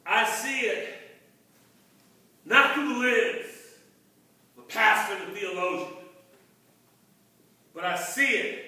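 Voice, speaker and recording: A man preaching a rhythmic sermon to his congregation, building to shouted refrains, recorded from far off in a church. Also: high-pitched, slow pace, pauses often, heavy reverb. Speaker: pastor. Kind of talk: call-and-response sermon. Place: church sanctuary.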